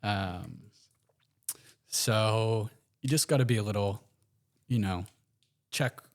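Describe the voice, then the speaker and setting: An American man, a podcast guest, telling stories in a relaxed, rambling way with plenty of fillers and restarts. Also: on the low side, slow pace. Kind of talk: casual interview storytelling.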